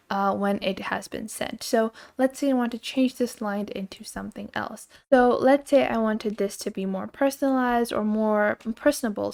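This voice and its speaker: A woman hosting a screen-recorded software tutorial, explaining each step casually and with filler words. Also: on the high side. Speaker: tutorial host.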